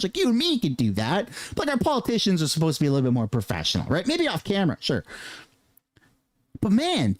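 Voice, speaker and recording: A man hosting a casual political commentary rant, swearing and mocking other people with quick impressions. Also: high voice, no echo.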